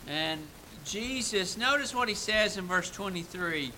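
A man delivers a sermon in a high, very bright voice, unhurried and deliberate. He builds to emphatic peaks, then falls quiet and reflective. A faint hiss sits under the recording. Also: animated, poor audio. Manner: earnest, rising to emphatic peaks and dropping to soft reflective asides. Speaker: preacher.

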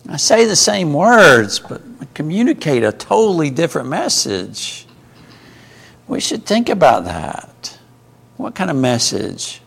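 Gravelly-voiced man teaching a Bible class. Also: a little high, very animated, a little slow, fairly bright tone. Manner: conversational, asks the group questions.

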